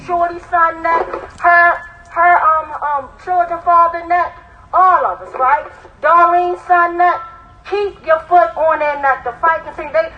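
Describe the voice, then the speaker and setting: A woman's voice: high voice, a bit bright, a little hiss or hum, poor audio. Fiery woman rallying a protest crowd. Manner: fiery, blunt, rising emphasis. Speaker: rally organizer and emcee. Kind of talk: impassioned protest speech.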